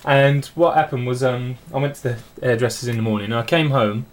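A man's voice: medium pitch, a little fast. Young man, podcast co-host, dry humour, hesitant with lots of ums. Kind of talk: casual chat, storytelling.

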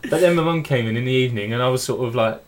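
A man's voice: medium pitch, very fast. A young man, co-hosting a podcast and telling anecdotes in a dry, hesitant way. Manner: dry, hesitant, full of ums. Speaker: podcast co-host. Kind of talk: casual chat, storytelling.

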